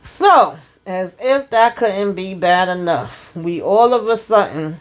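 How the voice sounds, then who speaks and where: A woman giving a sassy, animated recap of a TV episode, talking straight to her viewers. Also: medium pitch, takes it slowly. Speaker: TV episode reviewer. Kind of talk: casual recap monologue.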